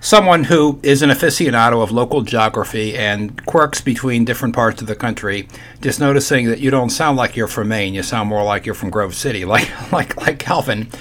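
A man's voice: medium pitch, a little fast, fairly bright tone, a little hiss or hum. An older man hosting a casual radio talk show, folksy and chatty with playful asides.

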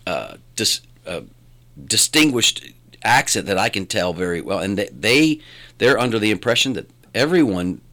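A middle-aged man with a West Virginia lilt talks as a guest, his low voice swooping up and down with lots of life. He rambles and restarts his sentences as he tells his story. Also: moderate pace. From born in Louisiana, raised in West Virginia. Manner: rambling, animated, restarts often. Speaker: guest, filmmaker and radio announcer. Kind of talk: conversational interview.

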